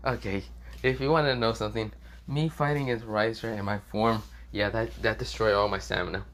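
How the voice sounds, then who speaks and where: A man's voice: fairly low pitch, fairly even intonation, fairly quick, a bit bright. Rambling young man improvising a story. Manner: rambling, many fillers and self-corrections, swears. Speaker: fan fiction narrator.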